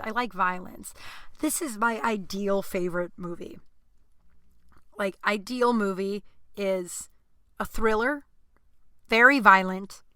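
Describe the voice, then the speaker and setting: Young female podcast host, rambling chatty delivery with sudden loud bursts; bright tone, dry recording. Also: a little high, dry recording. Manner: rambling, jokey, swings between loud outbursts and mumbled asides. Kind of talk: casual solo chat.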